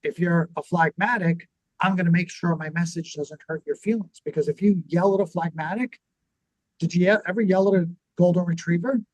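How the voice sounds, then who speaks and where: A man co-hosting a business talk show, teaching in a lively conversational way and acting out what people would say. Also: high-pitched, fairly quick, dry recording, highs cut off. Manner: animated, acts out quoted reactions. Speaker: podcast co-host.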